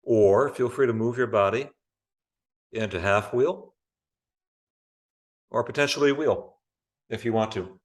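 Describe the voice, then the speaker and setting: A man teaching a yoga class over a video call, giving calm, unhurried cues for breathing and poses. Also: medium pitch. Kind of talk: guiding a live online yoga class.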